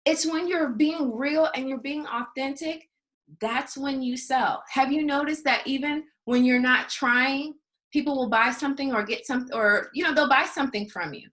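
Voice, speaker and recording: A middle-aged woman coaching entrepreneurs in a casual, animated talk, laughing often and acting out little scenes. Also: high voice, moderate pace. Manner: calls listeners honey. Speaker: business coach.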